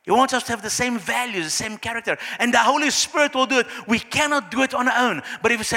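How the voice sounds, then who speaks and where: A bright, high-pitched man preaching in a hall with a long, ringing reverb. He drops into hushed, lower voices to act out small everyday scenes. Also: big pitch swings, fast talker, hardly any pauses. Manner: acts out little scenes in soft, low voices. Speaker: pastor. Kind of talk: sermon.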